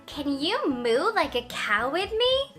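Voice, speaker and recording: A woman's voice: sits high, very animated, takes it slowly, a bit bright. A woman teaching toddlers with an exaggerated, encouraging sing-song delivery. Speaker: children's educator. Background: music.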